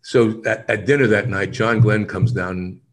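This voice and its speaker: In a laid-back interview, an actor with a voice on the low side shares stories a little slowly. He's animated, laughs often, and imitates what others said.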